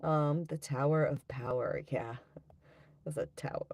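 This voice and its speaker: A woman in her thirties with a low voice hosts a casual livestream tarot reading. She talks bluntly, swears freely and breaks into laughter often, reading chat comments aloud. The sound is dry and close. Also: very animated, takes it slowly, gravelly, dark tone, no echo. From United States. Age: 30s.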